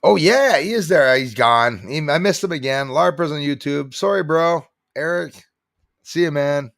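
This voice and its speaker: A man's voice: on the high side, normal speed, creaky, a bit bright, dry recording, clean studio sound. A middle-aged man from Canada hosting a casual livestream, rambling and reading viewer comments aloud. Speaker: livestream host.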